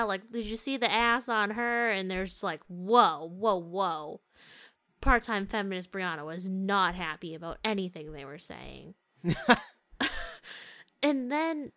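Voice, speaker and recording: A woman's voice: medium pitch, a bit bright. Young adult woman, podcast host, loose casual recap, laughs often, swears freely. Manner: candid storytelling with frequent laughs and swearing.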